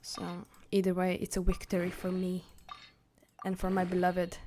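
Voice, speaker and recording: A woman live streaming a video game, chatting casually with her viewers, giggly and prone to excited squeals. English is not her first language. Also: fairly low pitch, moderate pace. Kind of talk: casual gaming stream chat. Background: faint game music.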